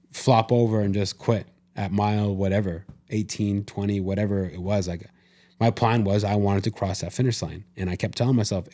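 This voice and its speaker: This podcast co-host has a low-leaning, dark-toned voice. He's chatting casually, recounting an experience full of quoted self-talk and frequent restarts.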